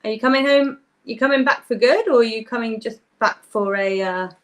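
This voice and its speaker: A woman's voice: a little high, a little fast. A young woman hosting a live craft workshop, chatting casually and greeting viewers by name while she works.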